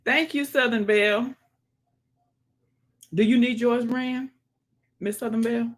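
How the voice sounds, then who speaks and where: A woman's voice: a little high, fairly even intonation, a little slow. A woman hosting a casual livestream, greeting viewers by name and chatting as she reads the comments. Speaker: livestream host.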